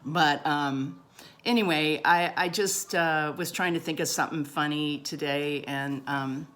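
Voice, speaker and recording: A woman's voice: low voice, steady tone, a little slow, a bit bright. A middle-aged woman telling a funny personal story in a chatty, self-deprecating way and laughing often. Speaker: vlogger.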